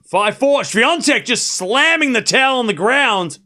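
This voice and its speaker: A man hosting a live tennis watchalong, giving informal play-by-play that rises to excited shouts on big points. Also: extremely high pitch, measured pace. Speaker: host calling a live watchalong stream.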